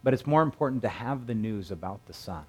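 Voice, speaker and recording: A man with a lowish voice preaches a sermon in a relaxed, conversational way. He tells the story like a chat with the congregation. He jumps up in pitch to act out the characters' lines. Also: fast, slightly rough. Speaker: pastor.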